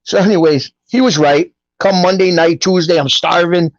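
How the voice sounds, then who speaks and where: Animated New man telling stories. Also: high voice, normal speed, no echo, muffled recording. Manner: animated storyteller who acts out quoted voices. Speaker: guest telling his life story. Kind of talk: casual storytelling.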